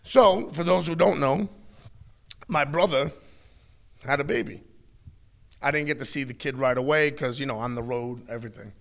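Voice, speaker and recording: A middle-aged man in a candid interview, talking bluntly and with plenty of swearing as he tells animated stories. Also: mid-range voice, normal speed, creaky, pauses often. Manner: blunt, profane, animated storytelling. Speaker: wrestling guest.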